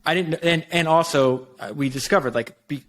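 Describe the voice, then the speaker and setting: A man podcaster in a casual conversation, telling stories in rapid, profane, run-on sentences. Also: fairly high pitch.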